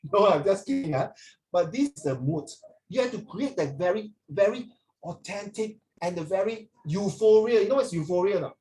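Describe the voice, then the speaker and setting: A man's voice: sits high, expressive, fairly quick, warm tone, low-quality recording. A male teacher runs a loose, chatty lesson. He flips between English and Mandarin mid-sentence and keeps teasing his students. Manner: playful, teasing. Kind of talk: casual classroom lesson.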